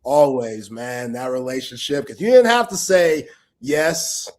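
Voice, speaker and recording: A man's voice: medium pitch, measured pace. A man hosting a sports talk livestream, speaking in a heartfelt, loose and rambling way full of street slang. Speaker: sports talk show host. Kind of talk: casual livestream chat.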